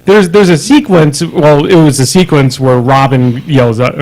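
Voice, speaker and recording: A man co-hosting a live-streamed podcast, chatting casually, animated and laughing often, stumbling and restarting his sentences. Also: on the high side, a little slow, a little hiss or hum, rough recording. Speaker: podcast co-host. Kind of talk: casual chat.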